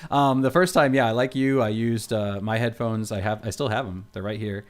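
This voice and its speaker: A man co-hosting a casual podcast chat, telling stories in a relaxed, rambling way with plenty of fillers, speaking into a headset mic at home. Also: on the low side, normal speed. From United States. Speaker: podcast co-host. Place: home studio.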